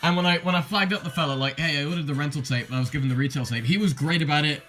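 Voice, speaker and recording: A man's voice: a little high, rapid-fire, a bit bright. A young man from England casually showing off his tape collection, rambling and correcting himself with dry asides. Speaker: video collector host. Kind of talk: casual show-and-tell. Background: music.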